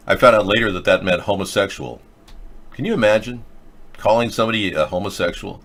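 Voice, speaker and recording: A middle-aged man talks through a loose, rambling monologue as host of his own show. His voice sits low, and his tone turns sarcastic as he jumps from one topic to the next. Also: expressive, a little fast, a bit bright.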